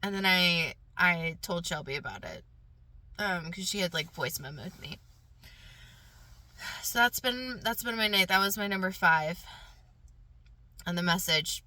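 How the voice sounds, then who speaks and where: Bright earnest woman podcaster. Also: lowish voice, a little slow, pauses often, no room sound. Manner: earnest, emotional, heartfelt. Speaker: podcast host and coach. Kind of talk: casual storytelling and spoken affirmations.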